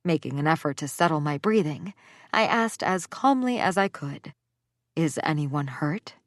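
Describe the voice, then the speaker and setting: A woman narrating a romance audiobook in the first person, with expressive scripted delivery. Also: fairly low pitch, normal speed, no echo, studio quality.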